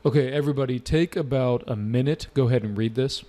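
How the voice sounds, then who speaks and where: A man's voice: mid-range voice, quick pace, mellow. A man teaching a live online exam-prep lesson with energy, repeating points and quizzing his students. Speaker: English test-prep teacher.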